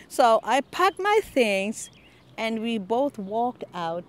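Older woman gardener, lively storyteller acting out quoted voices, outdoor interview. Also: fairly high pitch, slow pace. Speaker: longtime community gardener.

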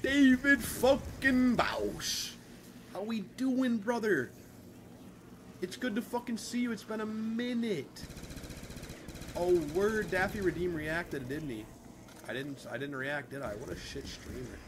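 A man's voice: a little high, normal speed, noisy background. A young man streaming live, chatting casually and profanely with his viewers. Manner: profane, animated, talks to chat.

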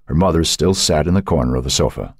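A man narrating an audiobook with an expressive reading. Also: rumbling low, fast talker, slightly rough, no echo, studio quality. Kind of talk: scripted narration.

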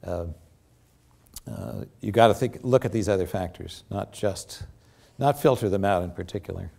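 An older man giving an academic lecture with slides, halting often and filling pauses with many ums and restarts. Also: low voice, vocal fry, a little mellow. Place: lecture theatre.

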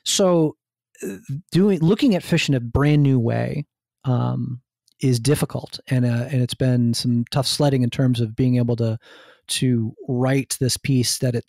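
A man from New Jersey speaks as a guest in a podcast interview. His voice has a gravelly rasp, and his eager talk runs on with restarts. The recording is dry and close. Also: mid-range voice, steady tone, moderate pace, a little mellow, no echo. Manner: enthusiastic, rambling with many restarts. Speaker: guest, food writer and hunter.

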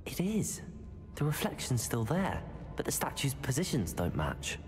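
A man's voice: mid-range voice, huge pitch swings, moderate pace, faint music behind. An actor playing a young male wizard student in a video game, earnest, observant and polite. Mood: curious. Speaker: student player character.

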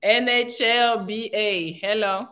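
A woman's voice: medium pitch, fairly even intonation, takes it slowly, bright, forceful tone. A woman hosting a live dating stream, chatting casually with callers and laughing often. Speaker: host of a live dating show.

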